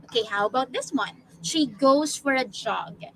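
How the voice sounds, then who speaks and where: A woman with a Filipino accent teaching an online lesson, speaking slowly and patiently with drawn-out vowels. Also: high voice, lively intonation, gravelly, fairly bright tone, slight background noise, rough recording. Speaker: online tutor. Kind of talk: classroom teaching.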